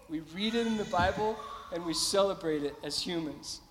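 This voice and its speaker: A man's voice: high-pitched, animated, moderate pace, a bit bright, long reverb tail, a little hiss or hum. A man preaching a sermon as pastor, emphatic and repeating his phrases, calling out to the congregation.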